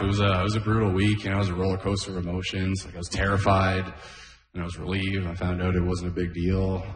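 A low-voiced man works through a stand-up set, chatty and loose, breaking into chuckles at his own lines. His voice carries the roomy sound of a comedy club. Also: a bit bright. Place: comedy club stage with audience laughter.

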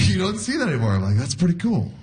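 A man's voice: on the high side, a little mellow. A man in his forties doing a stand-up comedy set, acting out quoted voices and laughing at his own jokes. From Canada. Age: 40s. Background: audience laughter.

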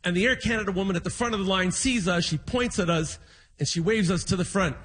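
A man doing a stand-up comedy set on a live stage, an animated storyteller. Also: high-pitched, fast talker. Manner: animated storyteller, acts out quotes. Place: live stage in a music hall.

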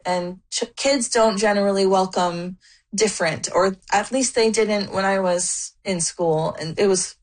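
A woman's voice: medium pitch, measured pace. A woman in her forties telling a personal story emphatically, with some stumbles and restarts. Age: 40s. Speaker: interview guest.

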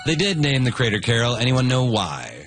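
A man's voice: medium pitch, very animated, brisk, music in the background. A man hosting a comedy news quiz, joking and reading out headlines. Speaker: quiz show host.

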